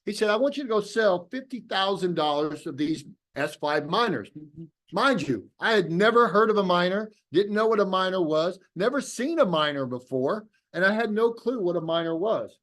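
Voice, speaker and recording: Fired-up man telling a pitch story. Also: expressive, normal speed, fairly bright tone. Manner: acts out both sides of remembered conversations. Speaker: business opportunity presenter. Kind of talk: motivational storytelling to an audience. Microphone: video call.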